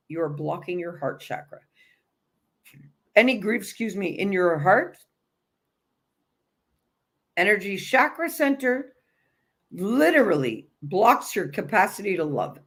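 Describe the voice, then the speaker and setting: Woman, mid-pitched voice, self-love coach, blunt, emphatic, repetitive, casual swearing, spiritual talk. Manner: conversational, with frequent restarts and fillers.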